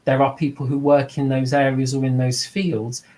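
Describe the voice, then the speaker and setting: A man's voice: mid-range voice, little pitch movement, normal speed, a little mellow, poor audio. A middle-aged man giving an informal spoken lesson as a mediumship teacher, earnest and reflective, slipping into the voices of people he quotes.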